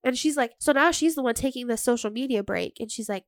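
A young woman co-hosting a podcast in casual chat, talking fast with lots of "like" and swearing. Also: on the high side, dry recording, clean studio sound. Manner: chatty, heavy "like" filler, swearing. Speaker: podcast co-host.

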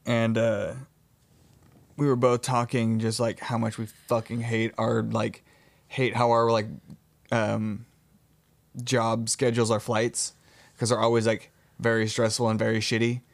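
A man's voice: medium pitch, monotone, a little slow, creaky. Laid-back young man telling stories. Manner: laid-back storytelling, heavy filler words and swearing. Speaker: podcast co-host. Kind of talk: casual chat.

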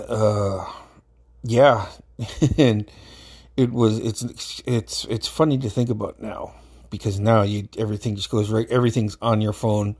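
A man in his thirties from Alaska has a fairly low, slightly mellow and husky voice. He tells a casual, rambling story in a laid-back way, full of fillers and swearing.

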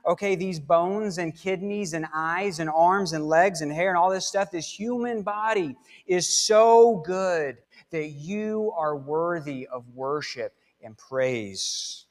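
Man, pastor, sermon, slightly high voice, conversational, emphatic, church hall echo. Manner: conversational, emphatic, drawn-out words for stress. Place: church sanctuary.

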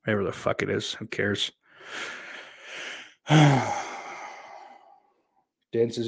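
A man's voice: lowish voice, measured pace, vocal fry, pauses often, husky. Blunt, profane man with a Southern accent. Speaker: host reading chat. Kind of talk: casual chat.

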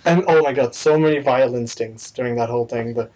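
A man's voice: mid-range voice, fairly quick. A man co-hosting a podcast in casual chat, joking and self-deprecating. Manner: joking, self-deprecating, tries silly voices. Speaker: podcast co-host. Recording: dull lo-fi sound with faint noise.

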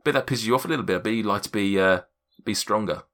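A man's voice: on the low side, quick pace, a bit bright, natural voice. A man voicing a scheming little male gnome who sells potions, in a wheedling sales patter, in a tabletop game.

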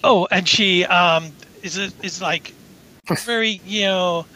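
A man narrating as game master of a tabletop game, halting and full of fillers. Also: sits high, pushed and bright, slight background noise, rough recording.

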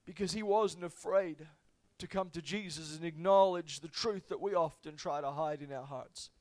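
High-voiced man preaching an impassioned sermon. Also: normal speed. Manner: impassioned, swinging from quiet to loud.

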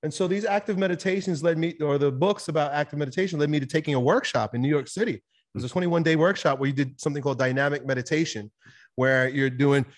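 A man talking as a podcast guest, telling a personal story in a candid, animated way, swearing now and then. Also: a little high. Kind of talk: casual conversational storytelling.

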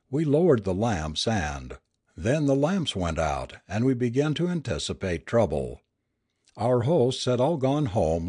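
A man reads a ghost story aloud with a low, slightly husky voice. His intonation rises and falls expressively as he paces the tale. The recording is close and dry, with no room sound. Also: no room sound. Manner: measured storytelling with expressive swings. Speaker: audiobook reader.

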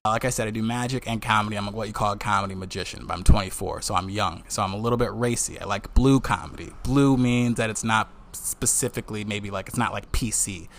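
Young guy w a wisconsin accent, low gravelly voice, hyped up podcast rambling. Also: fast talker, hardly any pauses. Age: 20s. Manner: excitable, jokey, swears casually. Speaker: podcast host. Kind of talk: casual solo podcast monologue.

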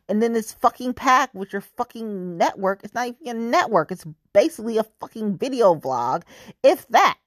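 A woman's voice: on the high side, dry recording, studio quality. A woman venting in a profane, exasperated monologue.

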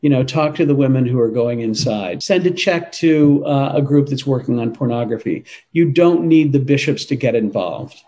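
A man's voice: mid-range voice, normal speed, hardly any pauses, dark tone, rough recording. A man speaks as an interview guest in a mid-range voice. He talks in long, earnest stretches and grows emphatic when he presses a point. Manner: earnest and emphatic, with frequent restarts. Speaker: interview guest, Catholic advocacy leader. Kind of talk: conversational interview answers.

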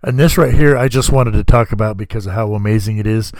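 A man's voice: on the low side, fast talker, darkish tone, no room sound. A man hosting a casual podcast, laid-back and joking, swearing freely as he talks. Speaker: podcast host. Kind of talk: casual chat.

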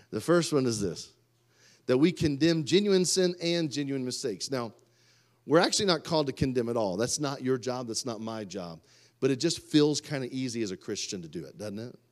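Animated man preaching a sermon. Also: mid-range voice, normal speed, pauses often. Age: 30s. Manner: animated, swings from loud outbursts to quiet asides. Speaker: pastor.

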